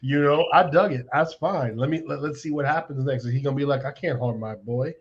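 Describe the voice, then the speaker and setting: A man's voice: on the high side, fast talker, highs cut off. A young man co-hosting a podcast, chatting in a laid-back, slangy way and playfully quoting characters. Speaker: podcast co-host. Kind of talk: casual chat.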